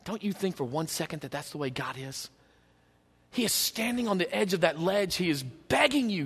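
A man preaching a sermon, emphatic and passionate, stacking repeated phrases and dropping from loud to hushed. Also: high-pitched, big pitch swings, moderate pace, husky, big-room sound. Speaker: pastor.

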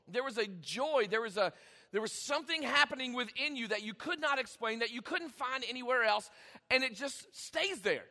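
A man preaching a sermon, emphatic, with dramatic pauses and sudden swings in volume. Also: very high-pitched, expressive, bright, forceful tone, big-room sound. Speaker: pastor.

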